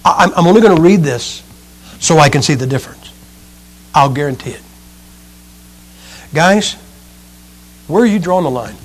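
Male preacher with a high voice, emphatic sermon delivery, swings between loud and hushed. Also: expressive, moderate pace, long pauses.

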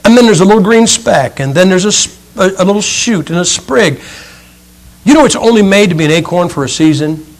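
Animated high-voiced preacher. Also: male voice, fairly quick. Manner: animated, storytelling, folksy humor. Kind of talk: sermon.

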